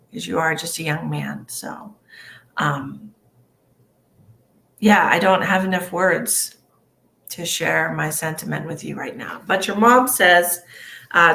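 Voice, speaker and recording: A woman's voice: on the low side, creaky, fairly bright tone, slight background noise. A woman psychic medium giving an emotional, earnest live-streamed reading, soothing and rambling with many fillers. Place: home livestream.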